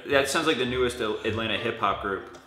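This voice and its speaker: Bright-voiced joking host guessing slang. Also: male voice, mid-range voice, brisk. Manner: joking, self-mocking, rambling guesses. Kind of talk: casual comedic chat. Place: friend's home with dogs. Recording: echoey room with faint music.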